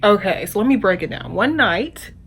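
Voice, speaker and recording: A woman's voice: mid-range voice, lively intonation, normal speed, a bit bright, breathy edge. A young woman telling a storytime vlog, candid and profane, talking straight to her viewers. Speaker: vlogger.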